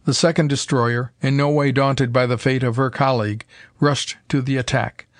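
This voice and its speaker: Man, audiobook narrator, steady measured reading, middle pitch, dry close sound. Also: no echo. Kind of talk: scripted narration.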